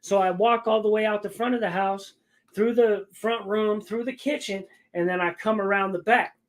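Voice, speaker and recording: A man's voice: sits high, fairly even intonation, normal speed. A man telling a long story in casual chat, rambling and stopping often to check in with the listener. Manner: rambling, keeps checking in with "right?".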